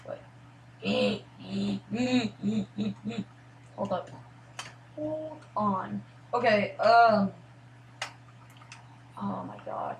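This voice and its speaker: A woman giving casual commentary over her gameplay, rambling and apologetic, sometimes trailing into quiet mutters and then bursting out excitedly. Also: mid-range voice, slow, gravelly, long pauses, slight background noise. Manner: excitable outbursts. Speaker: gaming commentator.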